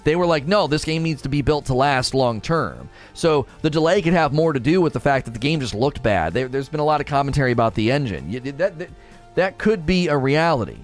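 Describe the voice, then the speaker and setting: A man in his thirties hosting a podcast in casual chat, animated and excitable, acting out quotes in his own voice. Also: a little high, fairly quick, soft background music. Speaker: podcast host.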